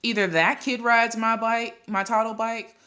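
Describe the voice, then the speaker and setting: A woman voicing a loud, bossy middle-aged male company president who shouts and insists in a storybook reading. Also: fairly high pitch, flat delivery, measured pace, voice pushed up. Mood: demanding.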